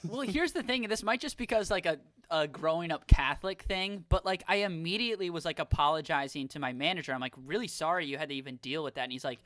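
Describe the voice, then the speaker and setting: A young man from Minnesota rambles through a story on a casual podcast and acts out every voice in it. His voice sits high and bright, and the recording is dry and close. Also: fast, few pauses, dry recording. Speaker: podcast co-host.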